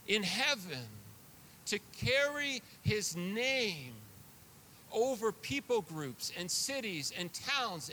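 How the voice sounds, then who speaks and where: A man's voice: high-pitched, sharp tone, a little hiss or hum. A man preaching a sermon as pastor, earnest and confessional, often repeating words as he builds a point.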